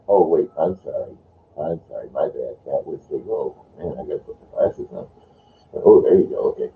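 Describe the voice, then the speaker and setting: Deep-voiced older man rambling on-air. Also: expressive, moderate pace, slight background noise. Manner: rambling, chatty, playful voices. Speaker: morning show host. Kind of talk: rambling casual monologue. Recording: tinny phone-like sound.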